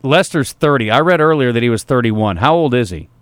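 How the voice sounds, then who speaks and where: A man's voice: mid-range voice, expressive, brisk, clear, resonant tone, no echo. A man hosting sports talk radio, sarcastic and teasing, who also reads the sponsor ads live.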